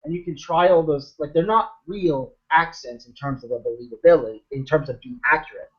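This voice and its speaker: Through muffled video call audio, a male game master with a slightly high voice talks a little fast, casually explaining tips. He thinks aloud, often saying um and restarting sentences.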